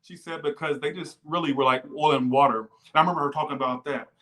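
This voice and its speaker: A man's voice: a little high, steady tone, fast, a bit bright. A man giving a casual livestream tarot reading. He rambles, swears freely and wanders off on tangents, and he breaks off to thank viewers for donations. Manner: rambling, profane, goes off on tangents. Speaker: tarot reader.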